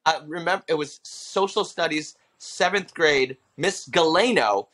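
Bright, animated comedian man. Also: a little high, unhurried. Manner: animated storyteller who slips into character voices for quotes. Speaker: stand-up comedian guest. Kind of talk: casual interview storytelling.

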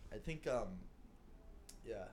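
A man's voice: mid-range voice, expressive, slow pace, a little mellow, a little hiss or hum. Laid back young guy cohosting a podcast, giggly and sweary, voice all over the place. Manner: loose and giggly, swears a lot. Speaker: podcast co-host. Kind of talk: casual chat.

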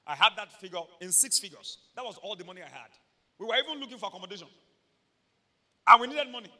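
A Nigerian man preaching a sermon as pastor, animated, shouting at peaks and slipping in humorous stories. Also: high-pitched, fast talker, long reverb tail.

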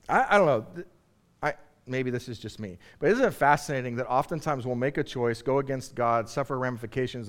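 A middle-aged male pastor preaching a conversational sermon, which swings from quiet asides to loud, emphatic points. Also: medium pitch.

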